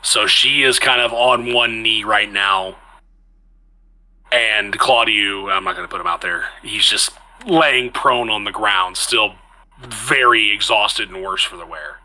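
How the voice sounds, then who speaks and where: A man's voice: fairly low pitch, a little slow, bright, forceful tone, rough recording. A man narrating as game master of a tabletop game, chatty and restarting phrases as he describes the action.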